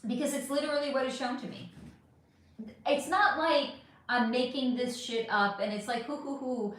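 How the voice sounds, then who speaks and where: A woman's voice: high-pitched, normal speed, a bit bright. A woman hosting a casual livestream, reading chat questions aloud and answering frankly, swearing freely and trailing off with fillers while she puts on makeup at home. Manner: putting on makeup while talking. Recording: very echoey room.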